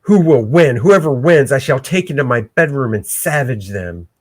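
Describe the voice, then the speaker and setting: A man's voice: mid-range voice, expressive, normal speed, natural voice. A man voicing a gloating male villain in a comic book, smug and relishing the fight he watches.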